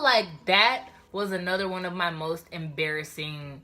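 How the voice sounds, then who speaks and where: A young woman telling a storytime vlog in an animated, slangy way, talking straight to her viewers. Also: medium pitch, normal speed, few pauses. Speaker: vlogger.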